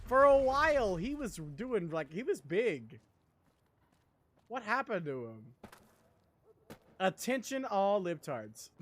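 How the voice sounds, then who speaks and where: A man's voice: high-pitched, big pitch swings, takes it slowly, pauses often, fairly bright tone. A man streaming a video game, chatting casually as he plays, rambling and laughing often. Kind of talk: casual gameplay chat.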